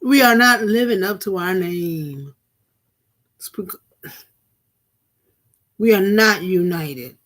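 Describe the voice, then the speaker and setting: Slow-talking woman preaching on a live vlog. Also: medium pitch, fairly bright tone. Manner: preachy, repeats phrases for emphasis, laughs at things. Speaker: vlog host and minister. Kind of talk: casual live-stream commentary.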